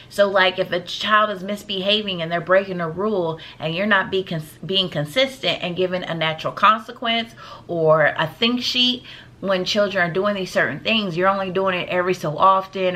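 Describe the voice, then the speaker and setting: A woman's voice: on the low side, pushed and bright. A woman teacher giving casual, emphatic classroom advice, often calling her viewers "y'all.".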